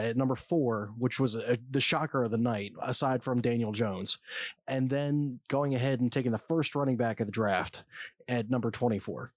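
A man's voice: medium pitch, dry recording, studio quality. A man giving casual, opinionated commentary on football draft picks, blunt and swearing at times.

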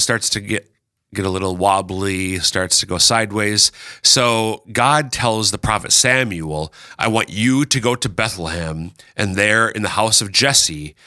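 A man hosting a casual chat, explaining Bible readings with lively, playful asides. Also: on the low side, dry recording, clean studio sound. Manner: lively, animated, breaks into playful character voices. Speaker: podcast host explaining scripture.

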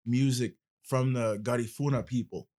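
A man's voice: medium pitch, fairly even intonation, normal speed, warm tone. A male podcast host in casual conversation, explaining at length with passion.

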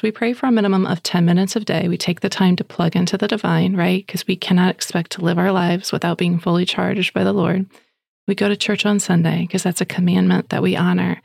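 Gravelly-voiced woman podcast host. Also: fairly low pitch, a little fast, dry recording, studio quality. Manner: chatty, animated storytelling with voiced quotes. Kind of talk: faith podcast monologue with prayer and stories.

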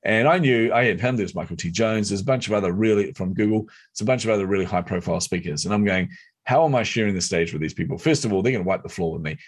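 A middle-aged man telling a personal story as an interview guest, animated and competitive. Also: lowish voice, quick pace, few pauses, husky. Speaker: guest, speaker and entrepreneur.

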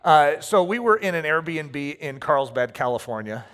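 Pastor guy preaching, lively up-and-down voice, acts out little bits, big echoey hall. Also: fairly high pitch, a little slow. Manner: animated storytelling with acted asides. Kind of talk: sermon. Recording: reverberant hall.

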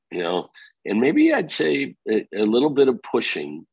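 A middle-aged man, a real estate company founder, being interviewed, telling energetic stories and acting out what people said. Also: lowish voice, moderate pace, breathy edge, dry recording, poor audio. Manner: energetic storyteller, quotes himself and others. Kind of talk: conversational interview.

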